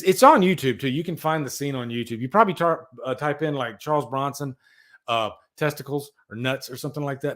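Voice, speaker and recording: A man hosting a casual livestream, rambling and animated as he tells stories and reads out chat. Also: on the high side. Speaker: livestream host.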